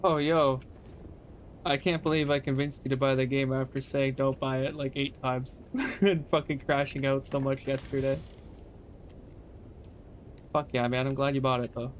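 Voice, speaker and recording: A man's voice: mid-range voice, level tone, moderate pace, pauses often, a little hiss or hum. A young man casually chatting to his viewers during a live game stream, loose and profane, answering chat questions. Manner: laid-back, swears casually, talks to chat.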